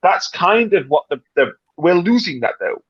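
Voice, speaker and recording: A British man in casual livestream chat, talking in an animated, dramatic, rambling way with many restarts. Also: high-pitched, normal speed, slightly rough, no echo, dull audio. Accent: British English. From Britain. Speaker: livestream panelist.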